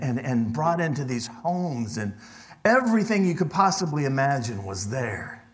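A middle-aged man preaching a sermon as pastor, in a conversational way that drops to hushed tones for emphasis. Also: medium pitch.

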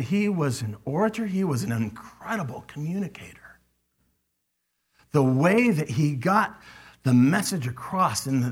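A man's voice: fairly high pitch, slightly rough. A man preaching a sermon, speaking animatedly and acting out quoted lines with emphasis. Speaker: pastor.

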